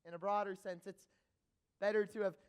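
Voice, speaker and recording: A man's voice: sits high, flat delivery, fairly quick, clean tone, close to an everyday voice. A man playing a nervous, chatty theater fan who narrates with rambling asides to the audience in a stage musical. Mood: musing.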